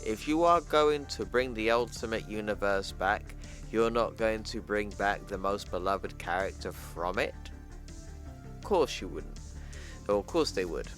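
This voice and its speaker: A man's voice: lowish voice, a bit bright. A man casually retelling a comic book storyline for his viewers and calling them "people", with faint music underneath. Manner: chatty, addresses viewers as "people", retells dialogue plainly. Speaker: comic book explainer channel host. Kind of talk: casual comic recap narration.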